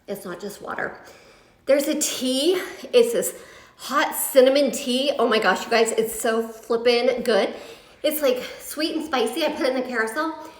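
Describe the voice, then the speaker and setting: A young woman leading a live yoga class, upbeat and chatty, counting reps and a little out of breath. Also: sits high. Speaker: yoga instructor. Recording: echoey room, mic at a distance.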